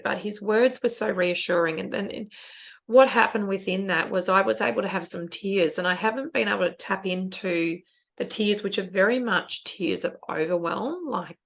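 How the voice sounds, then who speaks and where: A woman's voice: medium pitch, vocal fry, fairly bright tone. A middle-aged woman co-hosting a podcast, talking in an earnest, emotional, reflective way about parenting and feelings. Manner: earnest, emotional, spiritual wording. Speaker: podcast co-host. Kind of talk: casual reflective chat.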